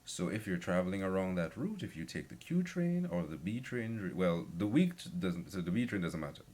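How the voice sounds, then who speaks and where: Animated low-voiced man telling a story. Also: fairly quick. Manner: rambling, animated, lots of fillers. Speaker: vlogger. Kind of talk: casual storytelling.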